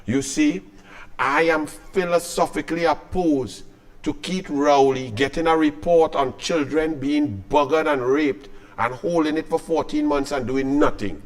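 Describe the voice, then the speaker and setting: Trini guy ranting about politics, high pitched for a man, sarcastic, calls people out direct. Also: a little slow. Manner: combative, sarcastic, accusatory. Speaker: political show host. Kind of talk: solo political commentary rant.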